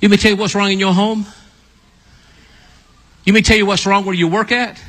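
A man preaching an animated sermon, acting out a story with volunteers and calling out to the congregation. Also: normal speed, big-room sound. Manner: animated, calls out to the audience, builds to excited high shouts.

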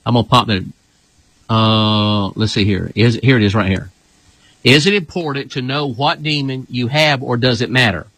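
Forceful, husky-voiced pastor man. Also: medium pitch, moderate pace, dry recording, low-quality recording. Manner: emphatic, repeats "this here". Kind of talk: casual teaching talk.

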